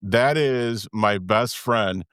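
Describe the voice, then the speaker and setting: A man in his fifties hosts a podcast in a low voice, candid and rambling, breaking off to restart his thoughts. The sound is dry and close, with no room echo. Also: very slow, fairly bright tone, clear, resonant tone. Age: 50s. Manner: candid, rambling, self-interrupting. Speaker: podcast host. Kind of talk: casual podcast chat.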